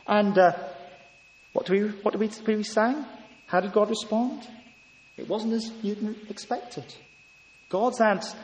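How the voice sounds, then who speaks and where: A man's voice: high voice, a little mellow. A man preaching a sermon in church, earnest and full of rhetorical questions. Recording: echoey hall, heard from a distance.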